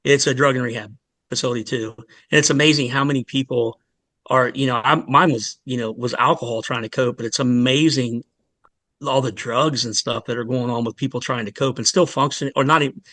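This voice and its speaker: Earnest, halting man telling his story. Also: medium pitch, fairly bright tone, no echo. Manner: earnest, halting, with many restarts and fillers. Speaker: fire department lieutenant, guest. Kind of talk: emotional personal story in a podcast interview.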